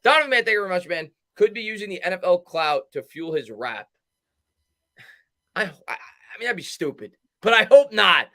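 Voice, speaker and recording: A man hosting a live sports talk stream, upbeat and quick, reading out viewer names and thanking them. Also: high voice. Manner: fast, energetic, shouts out chat names. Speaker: livestream host.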